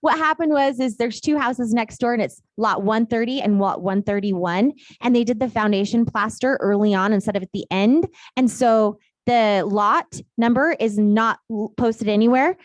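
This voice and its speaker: A woman's voice: on the high side, moderate pace, hardly any pauses, no room sound. A woman teaching a real estate class in a casual, chatty way, telling stories and laughing often.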